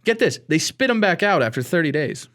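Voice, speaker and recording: A man's voice: fairly high pitch, big pitch swings, fairly bright tone. A man co-hosting a podcast in a studio, talking in casual banter and telling stories in a rambling way. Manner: rambling storyteller, quick to laugh. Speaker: podcast co-host.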